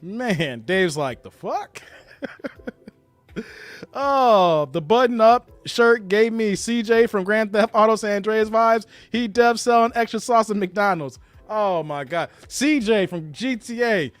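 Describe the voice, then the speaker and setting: A man's voice: high-pitched, slow, no echo. A man hosting a live reaction show, reading out chat comments and laughing often. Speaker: show host reacting to a clip.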